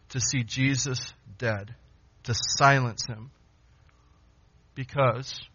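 A man's voice: medium pitch, bright, forceful tone. A man preaching an expository sermon, emphatic, repeating phrases and asking rhetorical questions. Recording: dull lo-fi sound.

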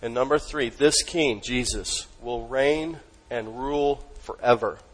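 Guy pastor preaching, emphatic, quizzes the church, mid-pitch voice, goes real quiet on big words. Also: a little slow, low-quality recording. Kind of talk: sermon.

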